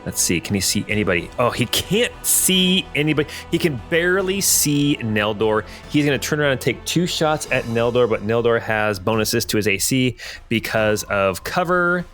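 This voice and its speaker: A man narrates a tabletop game as its game master. His voice sits at an ordinary pitch, and he thinks aloud, often stopping for an um or a restart. Faint music plays softly behind him. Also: animated, normal speed.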